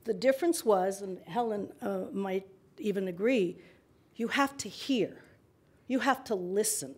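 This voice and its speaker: Animated woman in her sixties, storytelling. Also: medium pitch, unhurried, husky. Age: 60s. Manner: animated, laughs between remarks. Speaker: panel guest. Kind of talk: conversational storytelling at a live forum. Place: public forum event.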